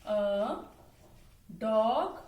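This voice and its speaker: Lady teacher, super slow, voice jumps up and down a lot, spelling words out and doing animal noises. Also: on the high side, expressive, dark tone. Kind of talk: online class lesson.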